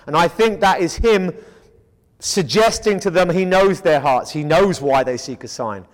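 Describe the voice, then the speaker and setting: A man lecturing on scripture in a voice pitched well above most men's. He drives his points home by posing questions and answering them himself. The sound carries a long hall reverb. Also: unhurried. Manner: emphatic, asks rhetorical questions and answers them. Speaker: Bible teacher. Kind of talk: Bible study lecture.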